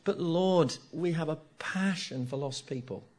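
An older man preaching a sermon, animated and jokey, acting out the congregation's reactions. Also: on the high side, a little slow.

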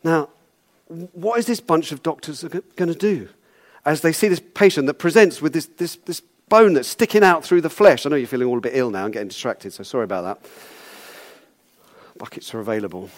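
A man's voice: a little high, fairly quick. A man preaching a sermon in a conversational, wry way, often repeating words as he goes.

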